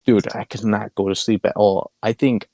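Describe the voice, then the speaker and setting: A young man co-hosts a podcast, spinning a long, rambling story in casual conversation while swearing heavily and laughing a lot. His voice is fairly low, warm, and steady at a normal speed. The podcast mic captures it with no room sound.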